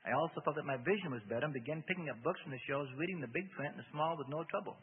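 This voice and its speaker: A man's voice: on the high side, racing, husky. A man reading a religious memoir aloud on the radio, with folksy asides of his own. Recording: tinny phone-like radio broadcast.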